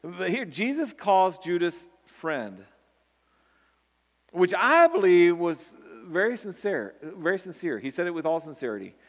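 A man's voice: high voice, big pitch swings, measured pace. A man preaching a sermon earnestly, often repeating words and building to emphatic peaks. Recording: long hall reverb.

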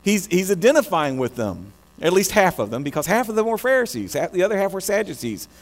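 An American man preaching a sermon, animated, often restarting his words mid-phrase. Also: high-pitched, quick pace. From United States. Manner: animated, many restarts and stammers. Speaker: pastor. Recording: long hall reverb with mains hum.

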